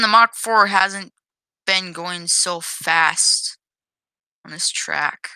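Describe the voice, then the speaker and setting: Woman, casual gameplay commentary, hesitant, self-correcting, unhurried delivery, crisp tone. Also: mid-range voice, pushed and bright, no room sound, low-quality recording. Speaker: game developer showing own game.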